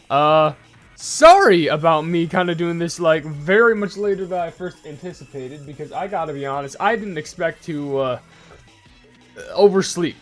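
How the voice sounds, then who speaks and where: Rambling young man livestreaming, slightly high. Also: a bit bright. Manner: rambling, quick asides, greets chat by name. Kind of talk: casual livestream chat.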